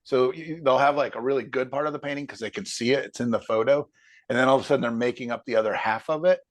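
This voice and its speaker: An easygoing male painting instructor talks through a student's picture in a relaxed class critique. His voice sits at an ordinary middle pitch. He thinks aloud, pausing often and tossing in light jokes. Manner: thinking aloud with many fillers; easygoing, joking.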